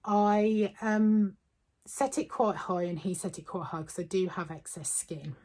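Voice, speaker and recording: A woman's voice: mid-range voice, measured pace, mellow. A woman talking casually to camera as a weight-loss vlogger, chatty and upbeat, with frequent ums. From United Kingdom.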